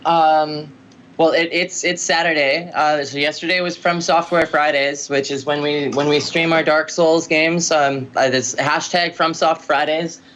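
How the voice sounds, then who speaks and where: A woman musician telling stories in a casual interview, rambling and lively with lots of filler words. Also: deep voice, unhurried, a little hiss or hum. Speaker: musician guest.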